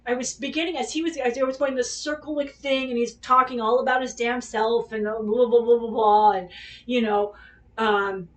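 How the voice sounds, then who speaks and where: A woman with a slightly high voice tells a personal story in loose, rambling chat. She is candid and swears freely, acting out what each person said. She sits a bit back from the microphone, so her voice sounds slightly distant. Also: fairly even intonation, moderate pace. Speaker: podcast host.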